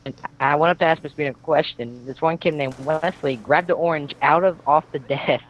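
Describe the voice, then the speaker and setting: A man's voice: on the high side, fairly even intonation, normal speed, a bit bright, lo-fi sound. A teenage boy co-commentating gameplay, telling a school story in a rambling way with many fillers. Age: teens. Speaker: network founder co-commentating gameplay.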